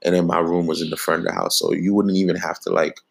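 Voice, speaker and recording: A young man co-hosting a casual chat, teasing his co-host and telling his own story in relaxed slang. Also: low voice, quick pace, gravelly, breathy edge.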